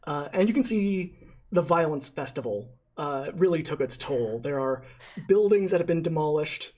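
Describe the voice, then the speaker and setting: A man's voice: a little high, lively intonation, moderate pace, a little mellow. A man narrating as dungeon master in a playful, hesitant way, full of fillers. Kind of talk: narrating a tabletop game.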